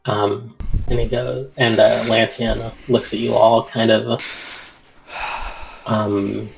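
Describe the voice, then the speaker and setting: A man narrates as game master of a tabletop game, halting often with ums. His voice is low and gravelly, his pace slow. The recording sounds dull and lo-fi, with faint music underneath. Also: flat delivery, slight background noise.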